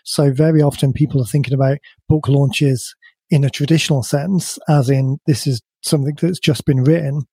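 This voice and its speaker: A man hosting a podcast with a slightly croaky voice, explaining ideas in a relaxed way with many restarts. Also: mid-range voice, normal speed, dry recording. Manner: thinks aloud with many restarts.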